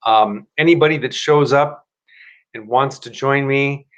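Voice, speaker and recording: A man's voice: medium pitch, a little slow. Chatty man hosting a live stream. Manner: chatty, rambling, self-correcting, motivational. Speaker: host of a live stream show. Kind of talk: casual live-stream talk and self-help pitch.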